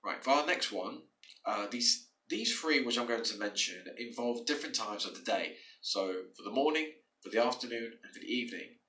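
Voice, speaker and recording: A man's voice: medium pitch, expressive, normal speed, sharp tone, distant mic. A man teaching English to learners, patient and explanatory, often repeating words and restarting phrases. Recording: echoey room, away from the mic.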